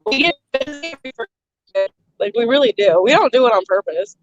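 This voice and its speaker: A woman hosting a live stream in casual chat, chatty and quick to laugh at herself. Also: on the high side, lively intonation, no echo, faint music behind. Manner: chatty, laughs often, self-deprecating. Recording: muffled lo-fi sound.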